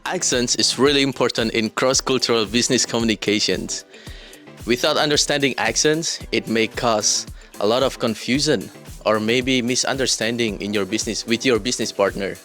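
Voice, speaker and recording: A man from Indonesia presenting a class project in a plain, slightly halting way. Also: medium pitch, a bit bright. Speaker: student presenter. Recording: faint music behind the voice.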